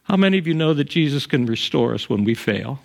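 A man's voice: mid-range voice, expressive, a little fast, gravelly, a little mellow. A middle-aged male pastor preaching a sermon in a conversational way, chuckling often and acting out the quotes he tells.

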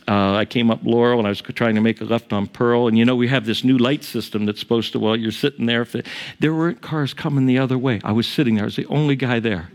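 A man, the pastor, preaching a sermon in a conversational way, asking the congregation questions and joking, rising high on key points and dropping low for asides. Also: fairly even intonation, quick pace.

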